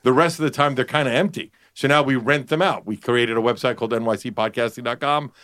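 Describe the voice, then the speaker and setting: A podcast network owner talks business in a quick, brisk rush. His mid-pitched voice sounds close and dry. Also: fairly bright tone, no echo. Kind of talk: casual chat.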